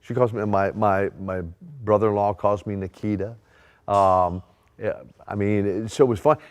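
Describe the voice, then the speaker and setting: A man's voice: lowish voice, fairly even intonation, normal speed, clear, resonant tone. A man from Minnesota telling a family anecdote in an interview clip, chatty and amused. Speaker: interviewed wrestler in archive clip. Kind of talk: storytelling interview.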